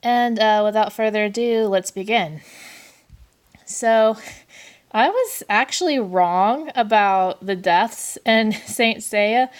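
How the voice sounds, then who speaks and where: A woman's voice: medium pitch, takes it slowly, smooth. Woman vlogging about a show she loves, chatty, giggly, lots of ums and uhs. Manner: chatty and gushing, many fillers and giggles. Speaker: anime review vlogger. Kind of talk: casual review chat.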